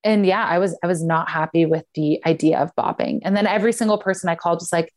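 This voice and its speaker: Young woman, casual chat, lively storyteller, slightly low voice. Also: fast talker. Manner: animated storyteller, acts out quotes.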